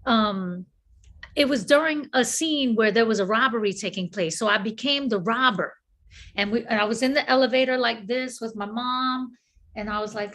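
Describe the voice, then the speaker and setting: A woman's voice: mid-range voice, normal speed. A woman actor and filmmaker in a casual online conversation, telling stories and acting out the quoted lines over a video call. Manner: animated storyteller acting out quotes.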